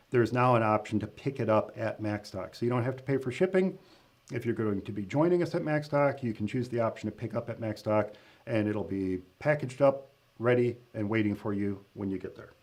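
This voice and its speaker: A man's voice: medium pitch, darkish tone. A man hosting a casual live-stream update as the event organizer, talking loosely with many fillers, restarts and laughing asides.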